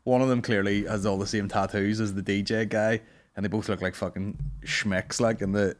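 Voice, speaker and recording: Male podcast host, low-pitched, rambling, profane comic storyteller. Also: steady tone, moderate pace, a little hiss or hum. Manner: rambling storytelling, swears a lot, laughs often. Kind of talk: casual comedy banter.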